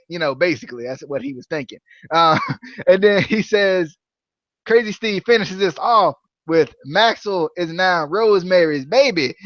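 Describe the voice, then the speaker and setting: A man's voice: on the high side, moderate pace, fairly bright tone, no echo, lo-fi sound. A man co-hosting a podcast, casually recapping a wrestling show, often laughing and acting out quotes. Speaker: podcast co-host.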